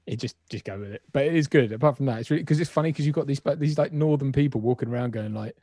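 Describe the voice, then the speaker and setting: A man's voice: mid-range voice, very fast, dark tone, no room sound, clean studio sound. A man co-hosting a live stream, chatting enthusiastically and laughing often. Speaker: stream co-host. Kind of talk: casual chat on a live stream.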